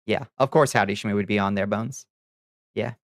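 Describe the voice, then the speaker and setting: A man with a fairly low voice talks at a moderate pace in casual livestream chat, laughing a lot and swearing offhandedly with his viewers. The recording is studio quality with no room sound.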